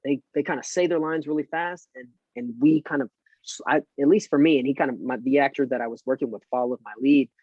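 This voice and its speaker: Rambling man in a relaxed interview. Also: mid-range voice, dry recording. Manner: relaxed and rambling, with many fillers. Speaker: actor guest. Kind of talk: casual interview chat. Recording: dry, dull lo-fi sound.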